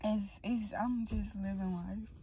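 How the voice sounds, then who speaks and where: A woman's voice: mid-range voice, steady tone, slow pace, dark tone, slight background noise. A woman in her twenties filming a casual vlog in her parked car on a phone, rambling bluntly with lots of swearing while crying on and off. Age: 20s. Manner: rambling, emotional, blunt and profane. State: tearful, crying on and off. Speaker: vlogger.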